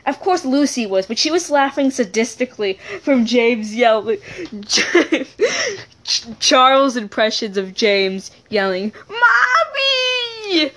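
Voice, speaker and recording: A woman casually telling a funny personal story, giggling often and correcting herself as she rambles along. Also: medium pitch. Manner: giggly, keeps breaking into laughter; rambling, self-correcting asides.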